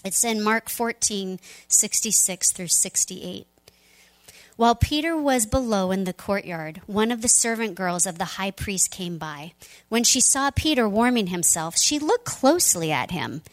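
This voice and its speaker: A woman pastor giving a sermon, retelling a story in a conversational, animated way. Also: mid-range voice, measured pace, poor audio.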